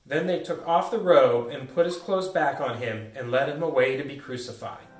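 A man's voice: mid-range voice, moderate pace, faint music behind. A man reading a story aloud steadily as a narrator in a church pageant. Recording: echoey church, distant mic.

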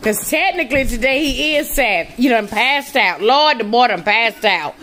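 A woman's voice: on the high side, animated, moderate pace, fairly bright tone, slight background noise. An older woman, a grandmother chatting animatedly and teasing her family in a casual home vlog. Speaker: vlogger and grandmother.

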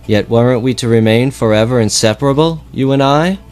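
A man's voice: medium pitch, fairly quick, darkish tone, clear, resonant tone, soft background music, voice pushed up, close to an everyday voice. A man voicing a dying wild man who pleads with his friend, in a raised and urgent tone. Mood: pleading.

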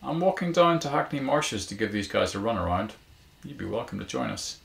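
A man's voice: mid-range voice, brisk, gravelly, fairly bright tone, echoey room, pitched above the performer's own voice. A man voicing a wry, down-and-out dog walker. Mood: bantering. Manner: wry, joking banter, turning glum. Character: down-on-his-luck male dog walker, former restaurateur.

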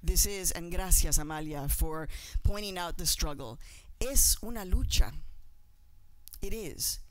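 A woman's voice: fairly low pitch, animated, unhurried, no echo, rough recording. A middle-aged woman from Mexico, giving a passionate, emphatic speech with repeated phrases. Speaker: journalist and speaker. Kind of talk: emotional symposium speech.

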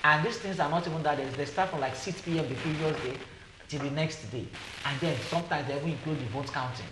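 A man's voice: a little high, fast. A man with a Nigerian accent, a guest on a TV panel, who speaks indignantly and asks rhetorical questions. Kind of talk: TV panel discussion. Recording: echoey room with background noise.

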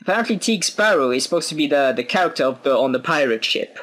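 A man's voice: a little high, expressive, quick pace, fairly bright tone. A British man hosting a let's play, commenting casually with self-mocking asides. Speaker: gaming video host.

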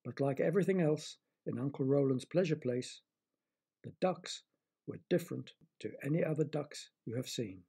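A man narrates a bedtime story for children, chatting gently and speaking straight to his young listeners. His voice is gravelly, mellow and husky. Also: mid-range voice.

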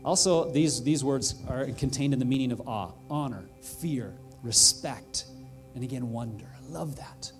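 A male pastor preaching a sermon in a church, earnest and heartfelt, building to excited emphasis. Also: medium pitch, normal speed, hardly any pauses, soft background music. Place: church sanctuary.

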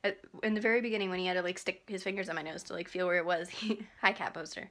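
A woman's voice: fairly low pitch, steady tone, rapid-fire, fairly bright tone. A teenage girl vlogging in casual chat, rambling and giggling with lots of likes and ums, keeping her face still as she talks. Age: teens.

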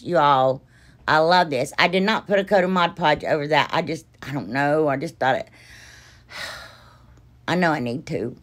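Woman, craft vlog host, casual tutorial narration, chatty, rambling, enthusiastic, slightly low pitch. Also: a bit bright.

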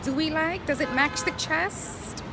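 A woman's voice: high voice, unhurried, loud music behind the voice, poor audio. A young woman from New City, chatting candidly to viewers in a casual vlog. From New York City. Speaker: vlogger. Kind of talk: casual vlog chat to camera. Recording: loud background noise, handheld vlog.

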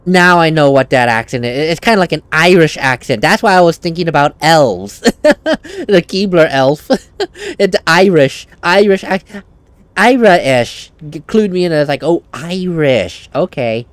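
A man's voice: on the high side, lively intonation, normal speed, fairly bright tone, smooth, no room sound. A man hosting a let's play, chatting casually, often correcting himself and laughing while he reads game dialogue aloud. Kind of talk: casual gaming commentary.

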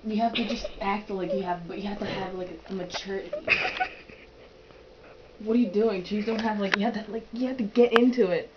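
A woman jokes around in casual home video banter, coaxing and giggly, with "like" and "yo" in nearly every sentence. Her middle-pitched voice comes through a dull, lo-fi camcorder recording. A faint hiss sits behind her. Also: steady tone, a little fast. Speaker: sibling filming at home.

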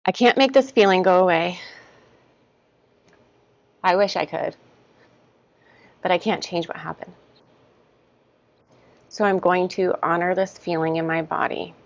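A woman guiding an EFT tapping session, repeating short first-person statements about stress in a steady rhythm. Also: fairly low pitch, a little slow, long pauses. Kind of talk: guided tapping, spoken affirmations. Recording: dull lo-fi sound, dry.

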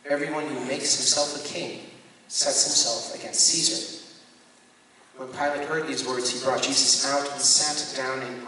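Male priest, scripture reading, bright forceful tone, measured delivery, distant from the mic, long echoing hall. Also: mid-range voice. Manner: measured, deliberate reading with occasional self-corrections. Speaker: Catholic priest leading a Bible study. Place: parish hall or church room. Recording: echoey hall, voice from far off, faint room noise.

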